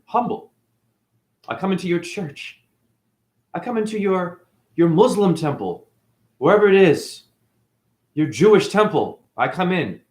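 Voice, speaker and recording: A man as a spiritual teacher, ranting in a defiant, preachy way, swearing and tossing out mocking asides. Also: a little high. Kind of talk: unscripted spiritual rant. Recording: echoey room.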